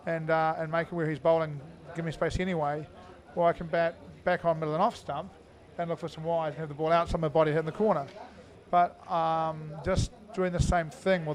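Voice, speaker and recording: A middle-aged man giving live indoor cricket commentary, chatty and full of fillers as he thinks aloud. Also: fairly high pitch.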